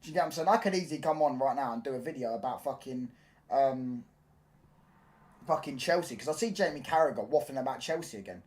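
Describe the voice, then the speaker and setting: A young man chatting casually on a football live stream, animated and full of slang. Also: mid-range voice, quick pace. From London. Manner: animated, slangy, repeats "do you get what I'm saying".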